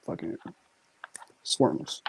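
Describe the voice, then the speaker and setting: A man guest in a casual podcast chat, telling stories insistently, repeating himself and swearing. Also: slow.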